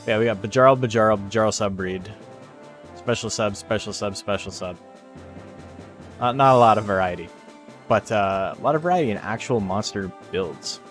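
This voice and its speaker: A man with a fairly low voice commentates a game tournament stream in a loose, rambling way, cracking jokes and dropping curses as he talks. Faint music plays underneath. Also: moderate pace. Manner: rambling, joking, swears freely. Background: faint background music.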